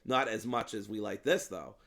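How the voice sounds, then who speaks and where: A man's voice: fairly low pitch, normal speed, gravelly, a bit bright. Rambling casual man reviewing movies. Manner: rambling, frequent ums, playful swearing. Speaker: podcast co-host.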